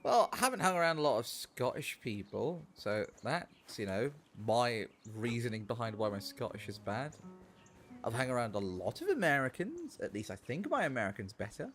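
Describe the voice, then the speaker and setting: A male streamer chats his way through a cozy game, rambling and joking with sudden loud outbursts and plenty of swearing. His medium-pitched voice swings widely up and down, with faint music under it. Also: sing-song, moderate pace. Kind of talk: casual gameplay livestream chat. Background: faint background music.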